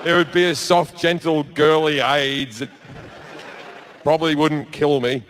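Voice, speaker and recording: Aussie stand-up guy, higher voice, crude deadpan storytelling into a stage mic with a bit of background hiss. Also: unhurried. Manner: crude, deadpan storytelling with sudden loud bursts. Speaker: stand-up comedian. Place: stage before a live audience.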